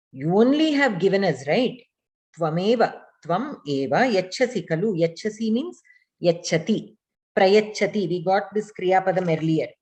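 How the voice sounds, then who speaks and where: A woman's voice: lowish voice, a little mellow. A woman teaching a class, reading short passages aloud and patiently explaining and translating each phrase. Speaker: Sanskrit teacher.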